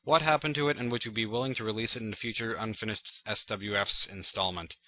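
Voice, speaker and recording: A man's voice: on the low side, steady tone, quick pace, pushed and bright, dry recording. A man hosting his channel, answering viewer questions in a rambling, casual chat full of fillers and self-deprecating jokes. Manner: rambling and chatty, full of "like" and "you know".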